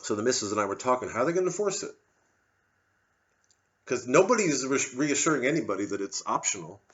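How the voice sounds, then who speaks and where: A man's voice: mid-range voice, big pitch swings, fast talker, a bit bright. A man doing a profane, sardonic ranting monologue as a comedian. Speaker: comedian doing a solo show. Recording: slightly dull lo-fi audio.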